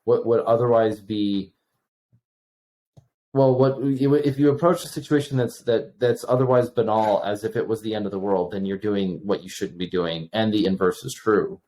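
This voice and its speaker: A man's voice: on the low side, normal speed. A man in his thirties, a podcast guest, casually telling stories and acting out the exchanges with lots of restarts. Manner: animated, acts out quoted exchanges, many restarts. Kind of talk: casual storytelling.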